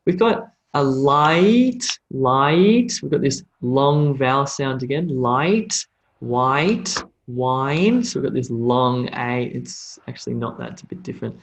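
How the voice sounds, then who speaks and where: A man's voice: medium pitch, animated, gravelly, dull audio. A man with an Australian accent teaching English pronunciation in a live online lesson, drawing out model phrases for students to repeat. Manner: slow, drawn-out model phrases for repetition.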